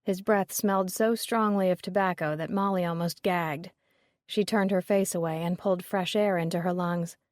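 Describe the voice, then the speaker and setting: A woman reading a story aloud as narrator in steady, measured narration. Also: lowish voice, no room sound, studio quality. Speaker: audiobook narrator. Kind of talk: scripted narration.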